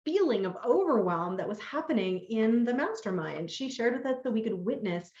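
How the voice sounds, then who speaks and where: A woman's voice: fairly high pitch, expressive, normal speed, a little mellow. Woman hosting a livestream chat, gushing and affirming, roomy echo, kinda dull muffled call audio. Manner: affirming and enthusiastic, addresses viewers. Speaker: host. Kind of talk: live-streamed group conversation.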